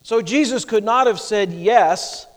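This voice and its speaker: A man's voice: high-pitched, measured pace. A male preacher delivering a sermon, teaching emphatically and asking rhetorical questions. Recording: long hall reverb.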